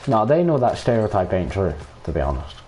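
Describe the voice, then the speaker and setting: A man's voice: fairly low pitch, sing-song, fairly quick, dark tone, a little hiss or hum. An Irish man streaming a game, ranting in casual chat and swearing freely as he plays. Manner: profane, ranting, talks over gameplay.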